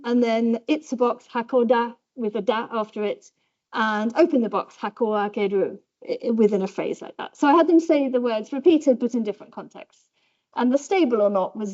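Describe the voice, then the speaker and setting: A woman with a Southern British English accent giving a university lecture, chatty and self-deprecating, acting out pitch patterns as examples. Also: mellow, muffled recording. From south of England. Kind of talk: academic lecture. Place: lecture hall.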